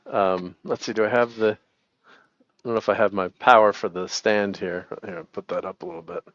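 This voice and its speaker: A man's voice: on the low side, fairly even intonation, a little fast, fairly bright tone. A middle-aged man chats loosely on a home live stream and breaks into chuckles over and over. The sound is dry and a little dull, with no room echo. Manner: chuckling, rambling, lots of laughter. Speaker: host. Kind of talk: casual live-stream chat.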